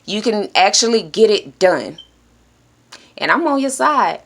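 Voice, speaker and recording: A woman giving an earnest, encouraging self-help talk straight to her viewers. She speaks directly and plainly, now and then dropping into hushed shushing. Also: mid-range voice, sing-song, a little slow, gravelly. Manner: drops to a hushed whisper when shushing. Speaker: vlogger.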